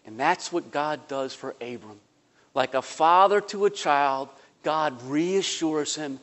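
A man preaching a sermon as pastor, telling stories and moving between soft, quiet passages and emphatic ones. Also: on the high side, expressive, takes it slowly, big-room sound.

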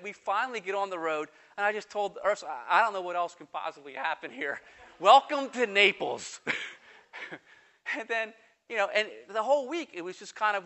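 A man delivers a sermon in a high, bright voice, telling a personal story in quick, animated bursts. He slows right down whenever he reads scripture aloud. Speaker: pastor.

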